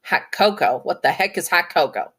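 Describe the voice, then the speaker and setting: A woman's voice: lowish voice, lively intonation, moderate pace, breathy edge. A woman putting on a drawling cowboy imp assassin. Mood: gruff. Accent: Southern US cowboy. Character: gruff male imp assassin cowboy, possessive. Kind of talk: fan fiction reading.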